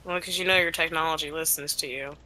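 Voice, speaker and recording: A woman's voice: sits low, fairly even intonation, fast talker, bright, forceful tone, low-quality recording. A woman chatting casually while playing a game, with dry, laughing reactions. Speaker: co-host. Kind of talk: casual chat while gaming.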